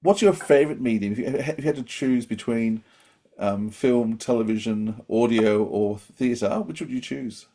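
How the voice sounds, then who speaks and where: A man hosting a podcast, asking questions in a friendly, slightly halting way. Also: medium pitch, mellow. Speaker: podcast host. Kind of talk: casual interview.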